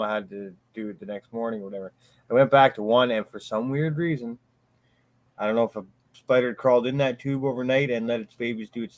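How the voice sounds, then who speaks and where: A man's voice: mid-range voice, dry recording. A man in casual chat, telling stories with a lot of swearing and laughter. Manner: profane, laughing storyteller. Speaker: podcast panelist.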